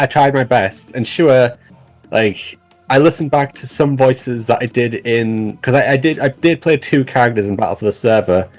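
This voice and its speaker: A man's voice: medium pitch, a little mellow, no room sound. A man who works as a voice actor, chatting casually and rambling with restarts on a development stream. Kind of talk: casual chat on a dev stream.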